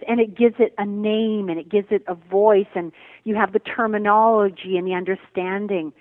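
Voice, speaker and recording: A woman's voice: medium pitch, fairly even intonation, dry recording. Woman on a thin phone-like line. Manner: thoughtful, searching, with many "um" and "uh" pauses. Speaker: guest, meditation teacher. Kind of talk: reflective spiritual interview talk. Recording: phone-like remote call audio.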